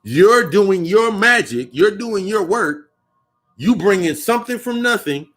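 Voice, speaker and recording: Young male occult vlogger, slightly high-pitched, profane and rambling, casual monologue. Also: expressive, a little slow, a bit bright, faint music behind. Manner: profane, rambling, repeats and restarts phrases.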